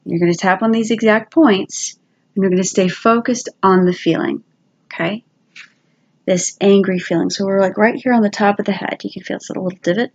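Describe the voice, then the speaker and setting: A woman giving casual, quick, chatty step-by-step instructions, demonstrating as she goes. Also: mid-range voice, expressive, gravelly, lo-fi sound.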